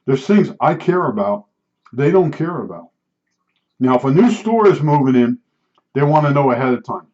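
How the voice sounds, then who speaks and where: A man's voice: medium pitch, darkish tone. An older man from New Jersey with a New Jersey accent, telling rambling personal stories in a casual, chatty monologue full of asides. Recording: dull lo-fi sound.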